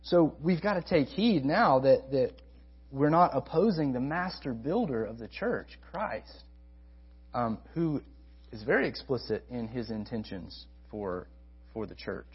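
A husky-voiced man preaches with emphatic stresses, repeating his key phrases and dropping into quiet asides. The recording is dull and lo-fi, and his pitch sits in an ordinary middle range. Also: lively intonation, unhurried. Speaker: college ministry preacher. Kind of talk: sermon.

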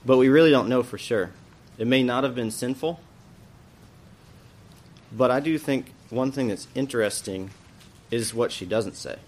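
A man's voice: medium pitch, moderate pace, pauses often. A man teaching an adult church Bible class, explaining a passage in a thoughtful way and often asking questions aloud.

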